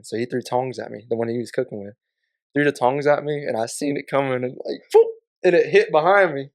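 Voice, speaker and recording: A man on a podcast telling a casual, profane story in a laid-back way, often breaking into laughter. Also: fairly high pitch. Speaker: podcast guest.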